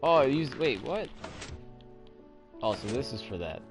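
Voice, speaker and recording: A man's voice: medium pitch, sing-song, measured pace, music in the background. A young man hosting a casual gameplay commentary, rambling and asking himself questions as he plays. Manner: rambling, thinks aloud, self-questioning. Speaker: let's play host.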